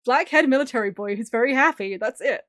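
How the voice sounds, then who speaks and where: A woman's voice: fairly high pitch, fast talker, fairly bright tone. A woman streamer chatting casually while drawing, gushing and giggling often. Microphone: streaming mic.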